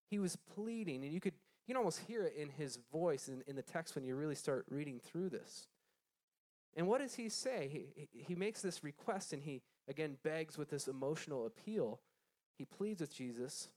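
A man's voice: fairly high pitch, lively intonation, moderate pace, darkish tone. Man teaching a Bible lesson to a group. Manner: conversational, asks the group questions, frequent restarts; reads scripture aloud then explains it.

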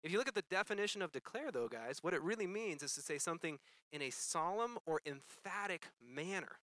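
A man's voice: a little high, animated, brisk, fairly bright tone, no room sound. A young man preaching a sermon, earnestly addressing his congregation as "guys" and asking them questions.

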